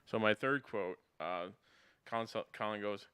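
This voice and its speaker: Smooth bright man rambling casually. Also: fairly low pitch, moderate pace. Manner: rambling, goes off on tangents, many restarts. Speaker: podcast co-host. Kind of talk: casual movie review chat.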